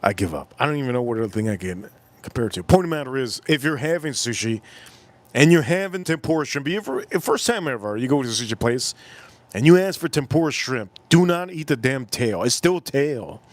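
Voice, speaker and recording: A man's voice: lively intonation, brisk, dry recording. A man in his forties hosting a casual live stream, telling a rambling story and repeating himself. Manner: rambling, repeats himself, jumps into loud high-pitched impressions. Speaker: livestream host.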